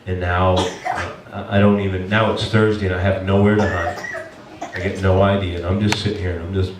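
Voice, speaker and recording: A male pastor telling a personal story in a sermon, animated and emotional, with many restarts. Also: sits low, normal speed, far from the mic, noisy background. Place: church sanctuary. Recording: echoey church room from afar.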